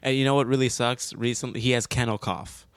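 A man's voice: mid-range voice, steady tone, a little fast, a bit bright, clean tone, dry recording, studio quality. A young man in casual chat who rambles, restarts his sentences, laughs often and swears.

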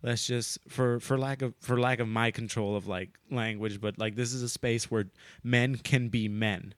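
A young man chatting casually as a podcast co-host, rambling and halting, full of filler words and restarts. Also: medium pitch, steady tone, dry recording. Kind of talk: casual chat.

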